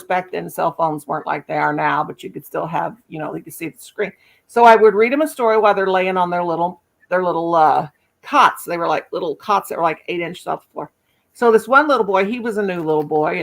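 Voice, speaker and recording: Woman host in her fifties, folksy storyteller, relaxed chatty delivery. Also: mid-range voice. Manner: chatty, folksy, uses endearments like baby doll and sugar. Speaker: channel host. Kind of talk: casual storytelling on a livestream.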